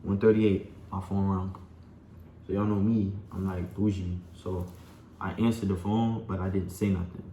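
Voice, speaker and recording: A young man speaks in a low, dark voice, rambling through a personal story and talking straight to his viewers. His delivery stays fairly flat, and the room around him is echoey with a faint hum. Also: moderate pace. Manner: rambling, full of "like" and "you know", addresses viewers as y'all. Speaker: vlogger.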